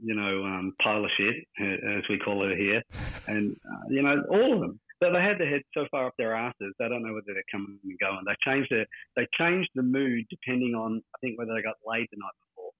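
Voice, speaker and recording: A man's voice: on the low side, a little fast. A man from Australia with an Australian accent, calling in to a live show and chatting casually in a blunt, crude, joking way. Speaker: caller. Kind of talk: casual chat. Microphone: remote call-in line. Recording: tinny phone-like call line.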